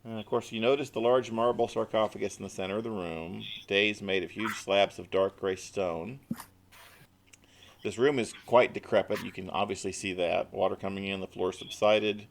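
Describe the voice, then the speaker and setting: Gravelly low Midwestern man as game master. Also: fairly even intonation, moderate pace. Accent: Midwestern American. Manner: descriptive, with frequent restarts and fillers. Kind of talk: narrating an online tabletop game.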